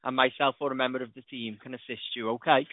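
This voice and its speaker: A man's voice: medium pitch, fairly even intonation, fast talker, no room sound. A man with a Liverpool accent, a customer service agent speaking politely and patiently on a phone call. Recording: tinny phone line.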